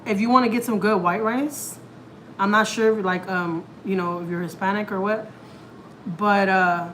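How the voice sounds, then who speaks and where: A Houston, Texas family vlogger chats while cooking in her home kitchen, talking straight to viewers and sprinkling in lots of "like" and "y'all." Her medium-pitched voice is a bit bright, and the low-quality recording carries slight background noise.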